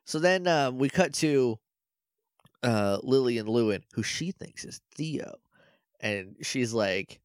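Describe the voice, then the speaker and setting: A man's voice: mid-range voice, expressive, slow pace, dry recording, clean studio sound. A man co-hosting a podcast, casually recapping an episode, rambling and laughing as he acts out the characters' lines. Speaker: podcast co-host.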